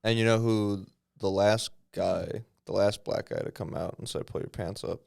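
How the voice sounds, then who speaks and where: A man's voice: on the low side, steady tone, moderate pace, gravelly, a little mellow, dry recording. A man co-hosting a comedy podcast, making dry, sarcastic remarks in casual chat. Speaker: podcast co-host.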